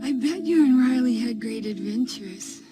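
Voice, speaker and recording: A glum, gentle cartoon emotion who speaks in a soft, droopy monotone, played by a woman. Film music runs under her lines. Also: on the high side, normal speed, lightly acted. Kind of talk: animated film dialogue.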